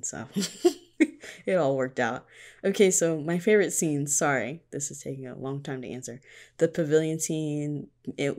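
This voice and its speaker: Woman, low voice, gravelly fry, casual solo podcast, candid, swears, laughs a lot. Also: a little mellow. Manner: candid, swears freely, laughs often, acts out her own reactions. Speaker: podcast host and fan fiction writer.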